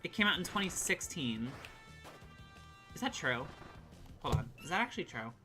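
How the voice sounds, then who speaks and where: A woman streaming a game, chatting casually and excitedly with her chat and swearing now and then. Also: sits low, normal speed, over music. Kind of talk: casual live-stream chat while gaming.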